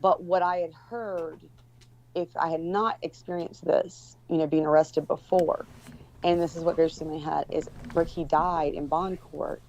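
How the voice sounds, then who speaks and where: A woman's voice: sits low, fairly even intonation, unhurried, a little mellow. A woman guest telling a story in casual talk, rambling with many restarts and fillers. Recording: dull lo-fi recording.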